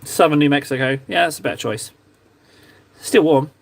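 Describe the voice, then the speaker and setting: A man's voice: on the high side, moderate pace, gravelly. An English man streaming and chatting casually with his viewers, self-deprecating and easygoing. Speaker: streamer chatting with viewers while painting miniatures. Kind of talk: casual chat.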